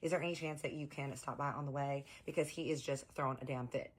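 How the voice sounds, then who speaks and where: A woman's voice: a bass voice, steady tone, quick pace. A woman voicing a sweet, older Southern nurse with a Southern US accent who complains bluntly. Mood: fretful.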